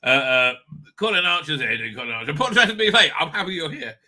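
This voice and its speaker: Quick and sing-song, a sharp-toned man with a fairly high pitch hosts a livestream. He swears a lot and rants in exasperation while reading out chat names and comments.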